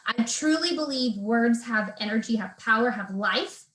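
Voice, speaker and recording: A woman's voice: on the high side, animated, moderate pace, fairly bright tone, reverberant, low-quality recording. A woman in her thirties, a personal trainer talking as a guest in an earnest, faith-filled way, with plenty of fillers and restarts. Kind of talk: casual video interview chat.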